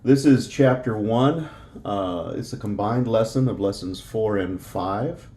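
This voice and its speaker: A man's voice: lowish voice, a little slow, warm tone. A man teaching a Spanish lesson, explaining patiently with frequent fillers and repeating each word. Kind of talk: slow explanatory language lesson.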